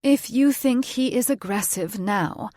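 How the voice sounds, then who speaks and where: A woman's voice: on the high side, unhurried, mellow, no echo, studio quality, pitched above the performer's own voice, natural voice. A woman playing a fearful old grandmother witch. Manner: fearful, sighing.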